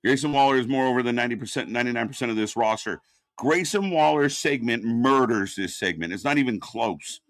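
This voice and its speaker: A man's voice: mid-range voice, fairly quick, a bit bright, no room sound. A man doing unscripted live watch-party commentary, ranting and swearing in exasperation.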